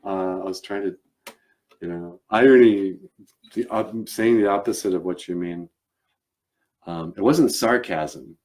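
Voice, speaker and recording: A man chats casually on a live stream, rambling with many fillers and restarts. His voice is very low and deep. He comes across as a relaxed, talkative host. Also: a little slow, long pauses. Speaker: show host and puppeteer.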